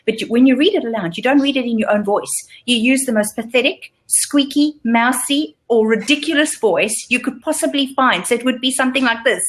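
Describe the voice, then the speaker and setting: A woman's voice: fairly high pitch, brisk, hardly any pauses. A middle-aged woman coaching in an interview, emphatic and repeating her points for stress. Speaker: guest business coach. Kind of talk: casual interview advice.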